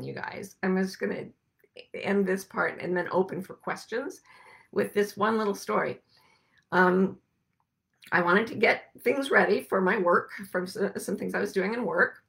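A woman hosting a reflective spiritual talk to a group, soft-spoken and unhurried, sometimes sinking to hushed whispers. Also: medium pitch, vocal fry. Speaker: podcast host and teacher.

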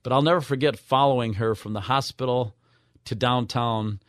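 A man's voice: mid-range voice, steady tone, normal speed, no room sound, clean studio sound. An older man, a radio guest, earnestly telling an emotional personal story and acting out the voices of the people in it. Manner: earnest, acts out quoted voices with wide swings.

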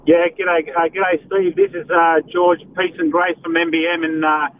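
A man calling in to a radio show, hesitant and full of pauses. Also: fairly high pitch, little pitch movement. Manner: hesitant, lots of uh and um. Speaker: caller. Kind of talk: call-in radio talk. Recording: tinny phone line with faint noise.

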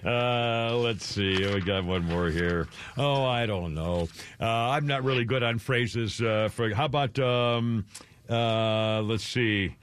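A man's voice: lowish voice, slow pace, a little hiss or hum. A man hosting a casual radio show, rambling and joking at his own expense, often chuckling. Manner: rambling, chuckling, self-deprecating jokes. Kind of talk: casual morning radio banter.

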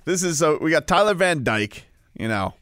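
A man's voice: a little high, sing-song, moderate pace, fairly bright tone, dry recording, studio quality. A man co-hosting a sports talk show, bantering casually and ranting with mock outrage. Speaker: sports radio co-host.

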